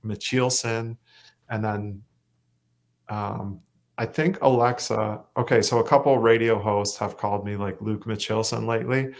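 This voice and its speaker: A young man from Canada, a singer-songwriter chatting as a guest, relaxed and hesitant with lots of fillers. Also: lowish voice, normal speed, gravelly. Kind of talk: casual interview chat.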